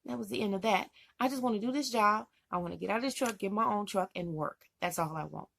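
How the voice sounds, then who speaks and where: Gravelly woman telling a story. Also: mid-range voice, fast, fairly bright tone. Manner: rambling, emotional retelling. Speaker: vlogger. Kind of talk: casual storytelling.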